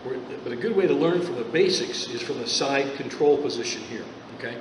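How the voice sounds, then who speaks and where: A man's voice: medium pitch, animated, a little fast. A man teaching a judo class on the mat, talking in a loose, repetitive coaching way and checking in with "okay?" after each step. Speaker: judo instructor. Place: gym mat room. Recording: echoey room from far off with faint hiss.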